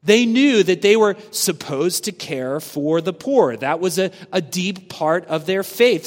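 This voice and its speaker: A male preacher delivers a sermon in an unhurried, deliberate way. His voice sits somewhat high and his phrases drop off softly at the ends. The sound rings with the long reverb of a large hall. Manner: earnest, slow and deliberate, falling soft at phrase ends.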